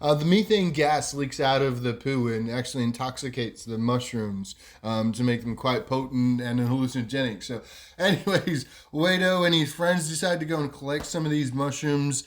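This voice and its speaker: A man's voice: mid-range voice, normal speed. A man casually telling a story on a podcast, rambling with lots of ums and asides. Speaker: podcast host.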